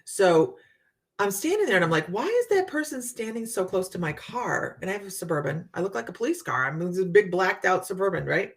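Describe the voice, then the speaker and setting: A woman psychic medium hosting a casual live chat, telling stories to her viewers in a chatty, animated way. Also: medium pitch, a little fast. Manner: chatty storytelling, Southern US "y'all".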